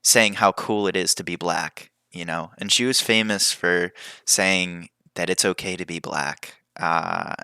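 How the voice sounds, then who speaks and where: A man's voice: deep voice, bright, forceful tone, clear, resonant tone, no room sound, studio quality. A young man hosting a podcast, talking casually and drifting into tangents. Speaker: podcast host. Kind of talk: casual rambling monologue.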